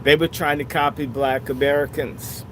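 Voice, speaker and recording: A man's voice: fairly high pitch, little pitch movement, moderate pace, slight background noise. A man hosting a livestream in a casual, encouraging way. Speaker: host. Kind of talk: livestream chat.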